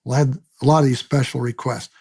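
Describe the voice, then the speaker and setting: Gravelly older man telling a story. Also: medium pitch, quick pace. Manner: lively anecdotal, acts out quoted voices; repeats words when he restarts. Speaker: retired military pilot. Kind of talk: oral history storytelling.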